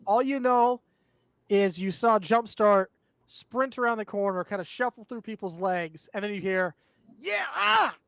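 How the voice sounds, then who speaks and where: This game master, a man whose voice is unusually high, narrates a tabletop session with colorful scene-setting. Between descriptions he explains checks and rules to the players and shares their laughter. The sound is fairly bright, clean, and dry.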